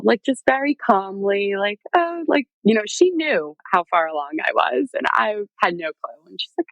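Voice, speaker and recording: A woman's voice: medium pitch, normal speed, vocal fry, no room sound, rough recording. A woman guest telling her own story in a casual, chatty way, full of fillers and acted-out quotes. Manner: chatty, lots of "like" and "um", animated quoting.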